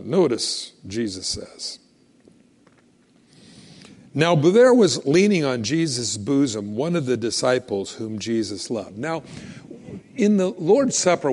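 A man preaching a sermon in a casual, animated way, acting out little scenes and quotes as he goes. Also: medium pitch. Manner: animated, conversational, acts out quotes. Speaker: pastor. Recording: long hall reverb.

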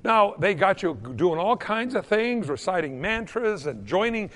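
Emphatic preacher man with a high, lively voice. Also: a little slow, big-room sound. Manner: emphatic, swinging between loud peaks and hushed drops. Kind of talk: sermon.

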